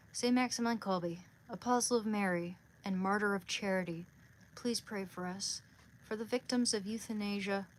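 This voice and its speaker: A woman on a casual livestream who reads aloud and prays, soft-spoken and halting, near tears. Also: medium pitch, slight background noise. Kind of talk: casual livestream chat and prayer reading. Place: small room at home.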